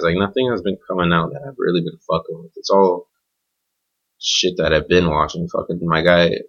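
A man's voice: sits low, sharp tone. A man hosting his own podcast, talking off the cuff in a blunt, profane, rambling solo rant. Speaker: podcast host. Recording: dull lo-fi home recording.

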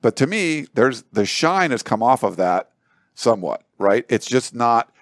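A man's voice: mid-range voice, big pitch swings, a little slow, no room sound, clean studio sound. A man giving sports analysis on a panel show, talking in a loose, rambling way with lots of fillers. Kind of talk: casual panel discussion.

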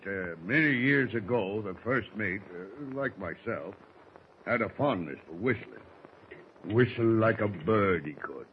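An actor playing a gruff, salty ship's first mate who talks in hearty seafaring dialect, in 1940s radio drama style, on a dull, faintly hissy old radio recording. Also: male voice, lowish voice.

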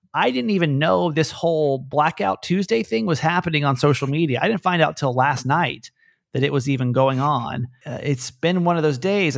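Chatty man with a gravelly voice. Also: fairly high pitch, dry recording, studio quality. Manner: chatty, laughing, restarts sentences. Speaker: podcast host. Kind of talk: casual chat.

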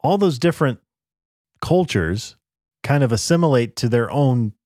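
A man's voice: medium pitch, expressive, moderate pace, a little mellow, dry recording. Sarcastic podcast guy, voice jumps all over, dry close sound. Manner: sarcastic, opinionated banter. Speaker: podcast co-host. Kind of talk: casual chat.

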